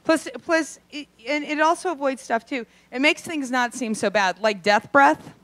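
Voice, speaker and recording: A young adult woman performing a brash, profane stand-up set, acting out quick voices in her asides. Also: high-pitched, fairly bright tone. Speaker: stand-up comedian. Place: comedy club stage.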